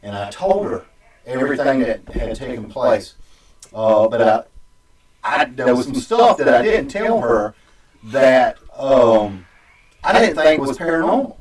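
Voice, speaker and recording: A man hosting a podcast, telling a story in a rambling, halting way, full of restarts and fillers. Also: mid-range voice. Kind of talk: casual storytelling. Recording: echoey room, distant mic.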